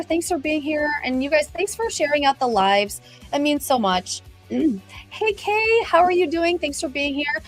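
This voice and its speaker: A woman's voice: high voice, very animated, a little slow, faint music behind. A middle-aged woman hosting a casual livestream, chatty and bubbly, greeting viewers by name. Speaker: livestream host.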